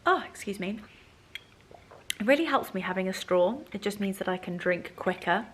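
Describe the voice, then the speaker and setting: A woman's voice: medium pitch, expressive, normal speed, echoey room, slight background noise. A woman chatting casually to camera in a lifestyle vlog from her kitchen at home, bubbly and gushing. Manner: bubbly and gushing, sing-song baby talk to her dogs. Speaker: lifestyle vlogger.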